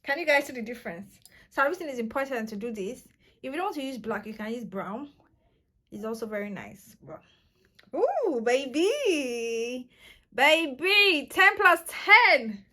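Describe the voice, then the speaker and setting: A young woman talks a viewer through her makeup in a casual, chatty way. Her voice sits a little high, and she keeps bursting into playful, excited exclamations. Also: fast, husky. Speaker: beauty vlogger.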